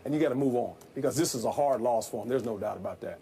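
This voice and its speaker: A man's voice: mid-range voice, fast talker, mellow, slight background noise. A man who is a former football coach, giving plain-spoken, folksy analysis in a sports debate.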